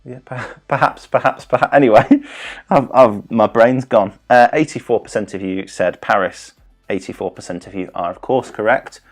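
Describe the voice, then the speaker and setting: Man, 30s, quiz host; low voice, rambling, self-interrupting, jokey, faint music under. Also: moderate pace. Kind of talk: live-streamed quiz, casual chat.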